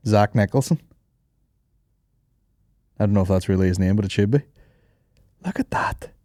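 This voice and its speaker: A man's voice: fairly low pitch, normal speed, no room sound, studio quality. A man hosting a podcast, telling stories casually with plenty of swearing and laughter. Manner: swearing, laughing, animated storytelling. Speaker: podcast host.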